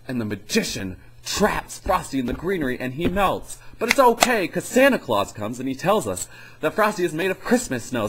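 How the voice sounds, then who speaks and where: A man's voice: a little high, a bit bright, slight background noise, rough recording. A young man giving a rambling, sarcastic comedy review in casual chat. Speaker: video reviewer.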